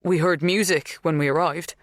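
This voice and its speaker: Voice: medium pitch, steady tone, normal speed, fairly bright tone, no echo, studio quality, lightly acted. A narrator doing a worried, firm father. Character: anxious father searching for his child.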